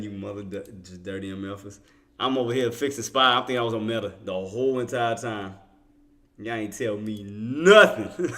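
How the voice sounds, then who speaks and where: Trading streamer, man, bright voice, playful laughing banter with viewers. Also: fairly low pitch, lively intonation, a little slow. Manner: loose casual slang. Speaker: stock trading livestream host. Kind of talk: casual livestream commentary to chat.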